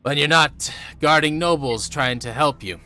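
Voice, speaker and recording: A man's voice: on the high side, moderate pace, pushed and bright, faint music behind. A man in his thirties running a tabletop game, chatting and joking casually with his players. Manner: chatty, jokey, rambling. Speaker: game master.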